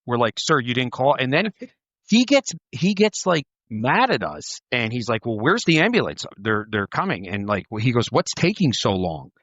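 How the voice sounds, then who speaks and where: A man's voice: medium pitch, big pitch swings, normal speed, fairly bright tone, no room sound, highs cut off. A man, a former police officer, telling stories in a rambling casual chat, swearing and saying "like" and "dude" a lot.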